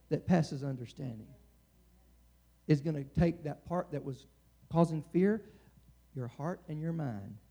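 A man's voice: fairly high pitch, expressive, measured pace, gravelly, long pauses, warm tone. A middle-aged man preaching a sermon in a conversational way, often restarting and stammering.

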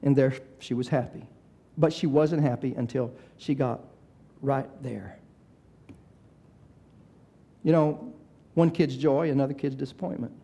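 An older man preaching a sermon, swinging between loud, shouted exhortation and quiet, chatty family stories. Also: mid-range voice, unhurried, vocal fry. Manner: preaching that swells to shouting, then drops into soft storytelling. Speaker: pastor. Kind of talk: sermon with storytelling.

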